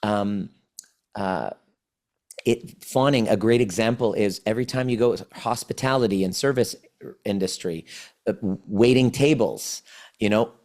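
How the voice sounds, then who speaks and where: A man in his forties with an unhurried, slightly mellow voice on the low side is a guest on a podcast interview. Working as a trauma healing coach, he gives earnest explanations and often restarts his sentences.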